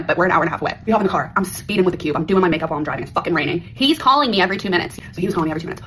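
A woman with a fairly low voice races through a casual storytime, bringing each quoted person to life with a changed voice. There is a faint hiss of room noise behind her. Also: lively intonation, very fast, rough recording.

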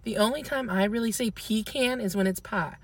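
A woman's voice: medium pitch, fast, slightly rough, dry recording. A woman from the American South chatting casually, chatty, opinionated and playful. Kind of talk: casual chat.

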